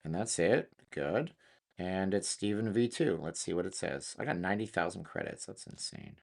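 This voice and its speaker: A man with a lowish voice hosts a casual chat from his home studio. He gets excitable and slangy and thinks out loud as he goes. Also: normal speed, vocal fry. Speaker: channel host.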